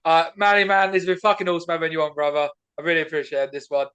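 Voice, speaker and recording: A man's voice: a little high, little pitch movement, very fast, fairly bright tone, smooth. A man hosting a comedy podcast, chatting in a casual, upbeat way and swearing freely. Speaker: podcast host.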